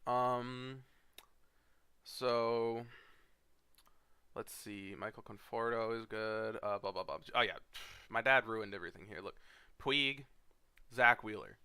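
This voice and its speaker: A man's voice: lowish voice, slow, long pauses, sharp tone, clear, resonant tone, dry recording. A young man, a fantasy league commissioner, rambling through a casual recap with lots of fillers and blunt, profane asides, sleepy and yawning. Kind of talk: casual screen-share commentary.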